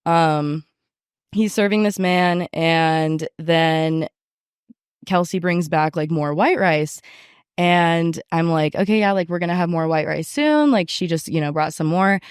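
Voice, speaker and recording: A young woman casually telling a story from her restaurant job, animated and profane, with lots of fillers. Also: fairly low pitch, measured pace, clear, resonant tone, no echo, clean studio sound. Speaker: podcast guest.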